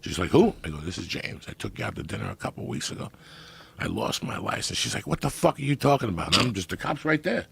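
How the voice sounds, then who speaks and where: Gravelly deep-voiced man telling wild stories. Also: quick pace. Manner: loud animated storytelling with heavy swearing. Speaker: podcast guest storyteller. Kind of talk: profane comedic storytelling.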